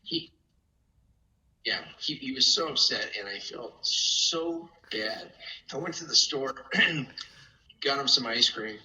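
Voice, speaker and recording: An older man telling casual stories with animated delivery, laughing often and acting out voices. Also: mid-range voice, takes it slowly, pauses often, reverberant, low-quality recording. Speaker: family friend telling stories. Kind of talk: casual storytelling.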